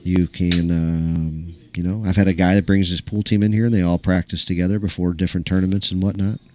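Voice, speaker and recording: A man's voice: deep voice, flat delivery, brisk, mellow. A man who runs a small pool club, telling a story in loose, chatty talk full of fillers and the odd swear word. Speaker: pool hall owner and stream host. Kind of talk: casual rambling storytelling. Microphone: live stream mic. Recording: crowd noise of a pool hall. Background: chatter of pool players.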